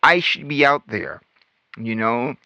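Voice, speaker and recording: A man telling his life story as host of his own channel, animated and acting out remembered lines as he goes. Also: mid-range voice, takes it slowly, gravelly, no room sound. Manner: animated storytelling, acts out quotes. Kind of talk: personal testimony monologue.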